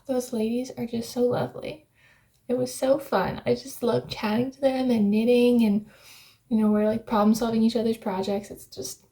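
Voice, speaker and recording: A young American woman chatting casually to her vlog viewers from a rented flat, rambling and laughing often. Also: a little high. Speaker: vlogger. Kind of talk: casual vlog chat to camera.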